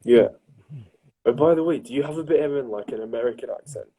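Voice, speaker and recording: Guy with a really dark husky voice, hesitant, keeps looking for the words. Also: medium pitch, fast, low-quality recording. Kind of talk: casual chat.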